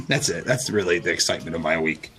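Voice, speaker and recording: A man's voice: low-pitched, normal speed, faint music behind, low-quality recording. A middle-aged man hosting a radio talk show, telling a story casually and acting out the quoted lines. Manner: animated storyteller, acts out quotes.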